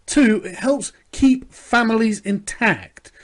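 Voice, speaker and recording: A man's voice: high-pitched, slow. A man with a British accent giving a blunt, profane opinion monologue full of rhetorical questions. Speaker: commentator in a quoted video.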